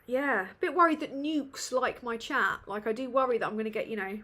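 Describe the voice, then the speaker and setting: Brisk and bright, her rather high voice carries a forceful tone. She's a northern English woman hosting a casual live Q&A stream, sweary, self-mocking and prone to rambling.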